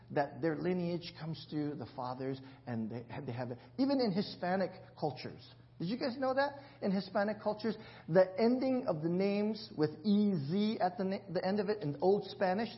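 In a church, a male pastor with a high-pitched voice gives a conversational sermon, quizzing the congregation and joking and laughing at himself. The audio sounds dull.

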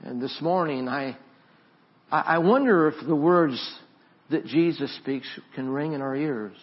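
A man preaching a sermon as pastor, swinging from loud emphatic exhortation to soft, reflective storytelling. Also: a little high, expressive, unhurried, lo-fi sound.

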